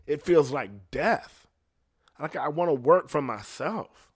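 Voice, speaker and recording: A man's voice: a little high, animated, slow pace, breathy edge, dry recording, studio quality. Profane man musing casually on a podcast. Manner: profane, conversational, laughs at himself. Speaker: podcast host. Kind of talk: casual rambling monologue.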